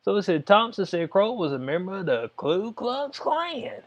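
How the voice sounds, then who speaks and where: A man hosting his own channel, talking straight to viewers in a slangy, animated, mocking commentary style. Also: high-pitched, normal speed, lo-fi sound. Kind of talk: casual reaction commentary.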